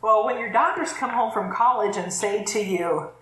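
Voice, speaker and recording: A woman's voice: mid-range voice, moderate pace, a bit bright. A middle-aged woman pastor giving a chatty, conversational sermon and laughing easily. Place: church sanctuary. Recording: echoey church room.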